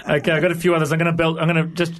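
A man's voice: on the high side, little pitch movement, very fast, a bit bright. Man hosting a radio interview. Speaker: radio host.

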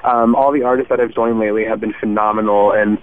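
A man's voice: fairly low pitch, level tone, fast talker, slight background noise. Earnest young man on a tinny phone line. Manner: earnest, warm, frequent "um" fillers. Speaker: guest musician. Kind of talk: casual interview.

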